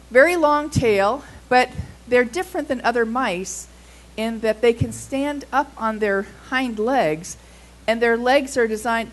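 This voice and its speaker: Woman pastor, sermon, fairly high voice, animated storytelling. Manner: animated storyteller with quick asides. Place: in front of a congregation.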